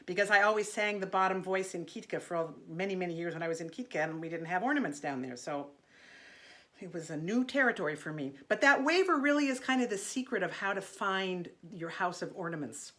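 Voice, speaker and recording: A woman's voice: on the low side, lively intonation, a little fast, a bit bright. A middle-aged woman teaching an online singing lesson, chatty and encouraging, breaking off into sung vocal exercises.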